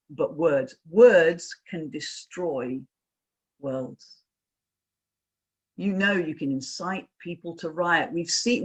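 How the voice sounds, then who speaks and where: A woman's voice: sits low, breathy edge. A woman in her fifties giving an online workshop as a trainer, telling stories in a chatty way and asking her audience questions over a video call.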